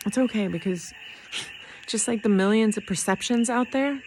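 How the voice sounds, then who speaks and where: A woman's voice: a little high, moderate pace, a little mellow, slight background noise, poor audio. A woman vlogging to the camera in an earnest, rambling way, laughing often as she talks through her feelings. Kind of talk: heartfelt personal talk to camera. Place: in Puerto Rico.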